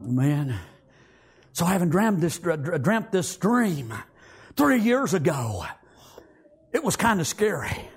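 Fired-up preacher guy, kinda high and raspy, tells it folksy and goes from loud to quiet. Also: big pitch swings, unhurried. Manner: impassioned, swings from loud pleading to hushed tones; folksy rural grammar. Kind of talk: emotional sermon storytelling.

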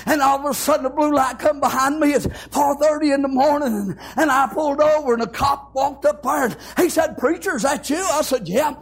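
High gravelly preacher. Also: male voice. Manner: fervent, punctuates with "amen" and "thank God". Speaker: pastor. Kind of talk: sermon with storytelling.

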